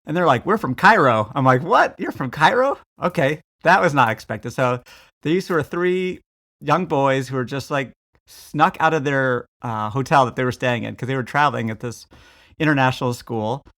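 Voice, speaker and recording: Brief: American male podcast co-host, easygoing, animated anecdote teller, mid-range voice. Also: mid-range voice, moderate pace. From United States. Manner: chatty storyteller, animated quoting. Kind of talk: casual chat.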